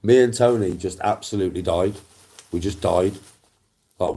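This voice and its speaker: A man's voice: low voice, moderate pace, mellow. A middle-aged man, telling rambling stories in casual, profane chat and repeating himself as he goes.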